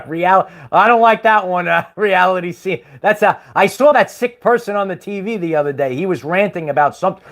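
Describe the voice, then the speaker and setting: A man's voice: high-pitched, moderate pace, a bit bright. A man hosting a livestream, chatting casually in a rambling way with chuckles and many fillers. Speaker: livestream host.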